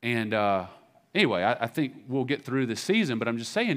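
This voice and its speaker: Candid pastor preaching conversationally. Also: male voice, mid-range voice, big pitch swings, brisk, fairly bright tone. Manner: conversational and candid, with frequent fillers and restarts. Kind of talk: sermon. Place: church sanctuary.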